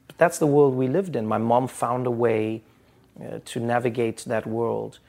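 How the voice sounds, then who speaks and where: Man, thirties, from South Africa, gravelly, earnest, interview storytelling. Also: medium pitch, a little slow. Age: 30s. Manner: earnest, storytelling, quotes others in lively voices. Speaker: interviewee, comedian. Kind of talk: reflective interview.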